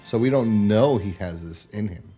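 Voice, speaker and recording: Animated, laughing male podcast co-host. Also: lowish voice, moderate pace, faint music behind. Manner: animated, laughs often, retells scenes. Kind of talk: casual chat.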